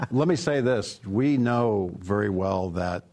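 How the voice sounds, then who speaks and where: An auto executive in middle age, gravelly and low-voiced, responds to interview questions casually with anecdotes and many fillers. He speaks slowly and expressively.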